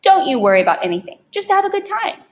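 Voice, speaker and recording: A woman's voice: extremely high pitch, big pitch swings, quick pace, voice pushed up. A woman voicing an overly sweet mother who coos and reassures her son in a storybook reading. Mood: cooing. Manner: cooing, reassuring.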